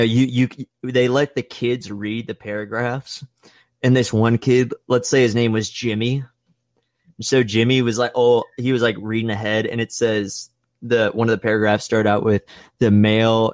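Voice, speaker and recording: A young man casually telling a profane, playful story and acting out other people's voices with big jumps in pitch. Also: dry recording, studio quality.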